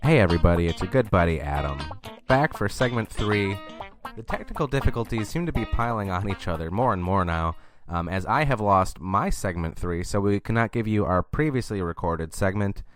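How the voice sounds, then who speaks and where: Young male podcast co-host, fairly low voice, jokey. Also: lively intonation, fairly quick, music in the background. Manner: joking, plugs the show. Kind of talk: casual podcast chat.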